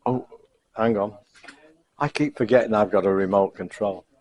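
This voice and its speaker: A middle-aged man giving a casual, rambling sign-off to camera from a home kitchen, halting with lots of fillers, chuckling and self-deprecating. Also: lowish voice, darkish tone. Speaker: cooking vlogger. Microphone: camcorder.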